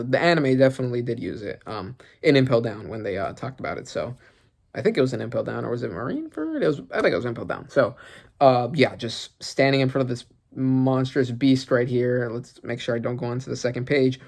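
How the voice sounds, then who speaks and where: A medium-pitched man hosts a channel and offers casual reaction commentary. He's excitable and rambles as he thinks out loud.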